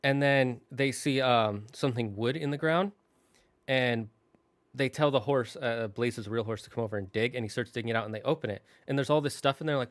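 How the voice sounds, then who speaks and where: A young adult man who hosts a gaming channel casually recaps a story, rambling and correcting himself with plenty of restarts and fillers. He grows emotional and starts tearing up. His mid-range voice is fairly quick, and the recording has no echo.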